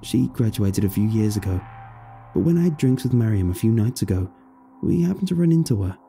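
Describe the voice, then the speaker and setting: A man narrating a storybook, voicing a calm middle-aged woman who gently reassures her husband. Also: on the low side, a little fast, creaky, soft background music. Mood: explaining.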